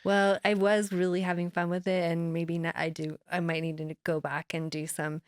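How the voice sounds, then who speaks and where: A woman's voice: fairly low pitch, flat delivery, normal speed, smooth, no echo, clean studio sound. A middle-aged woman in a casual interview, talking in a rambling, self-deprecating way and laughing often. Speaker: guest musician.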